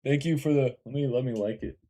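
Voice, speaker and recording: A man's voice: medium pitch, fast, mellow. Laid-back Californian streamer guy. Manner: laid-back, swears casually, says dude and bro. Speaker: streamer answering chat. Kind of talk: casual live-stream chat.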